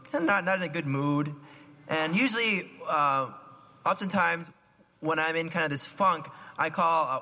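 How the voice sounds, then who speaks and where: A man giving a conversational homily, often asking his listeners questions and clearing his throat. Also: on the high side, pushed and bright. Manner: chatty, asks the listeners questions, frequent "right?". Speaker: preacher. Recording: long hall reverb.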